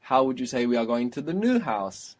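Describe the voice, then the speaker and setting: A patient male language teacher, guiding a student one phrase at a time. His voice is husky and a little breathy, and he explains sounds slowly and carefully. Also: medium pitch, very animated. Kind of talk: spoken language lesson.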